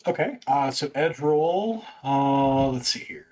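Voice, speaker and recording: A man's voice: medium pitch, expressive, slow pace, dark tone. A man playing a tabletop game at a live convention, talking casually and thinking aloud through his moves. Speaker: player.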